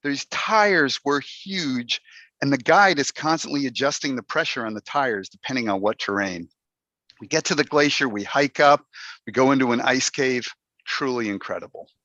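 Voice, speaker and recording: A man's voice: medium pitch, normal speed, sharp tone, dry recording. A man giving a playful, humorous talk to a Toastmasters club over a video call, putting on mock dismay as he goes. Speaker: Toastmasters speaker. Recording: dull, dry video call audio.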